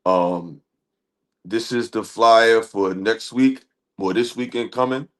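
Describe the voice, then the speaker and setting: Low-voiced man with slangy casual talk. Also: slow, a bit bright. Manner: loose slangy talk with many fillers. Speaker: livestream host. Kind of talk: casual outro to live stream audience.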